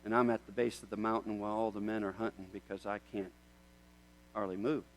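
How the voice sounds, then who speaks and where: A man preaching a sermon. He tells a story in a conversational way, then builds to loud, emphatic questions. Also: fairly low pitch, flat delivery, brisk, slight background noise, low-quality recording. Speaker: pastor.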